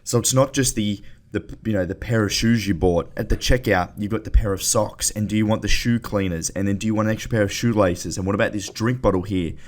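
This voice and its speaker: Low-voiced man chatting. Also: fairly quick, hardly any pauses. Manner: conversational, listing examples. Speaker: podcast co-host. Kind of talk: casual podcast chat.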